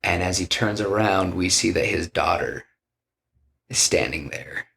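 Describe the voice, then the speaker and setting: A low, gravelly, slightly bright male voice, speaking a little slowly. He's a podcast co-host pitching a film, walking through it scene by scene in casual storytelling chat and acting out the lines he quotes. His delivery is loose and rambling, full of restarts and "you know."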